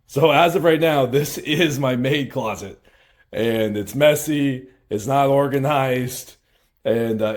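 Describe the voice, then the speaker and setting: A man hosting a casual vlog, chatting upbeat to a handheld camera while moving around indoors in rental houses. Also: medium pitch. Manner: upbeat, chatty, thinking aloud. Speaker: vlog host and short-term rental owner.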